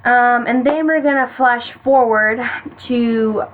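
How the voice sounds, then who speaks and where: A woman's voice: fairly high pitch, slow pace. Chatty teenage girl, tinny phone-like sound. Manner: chatty, many "like"s, keeps addressing "you guys". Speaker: vlogger. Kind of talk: casual storytime to the camera. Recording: tinny phone-like audio, faint hiss.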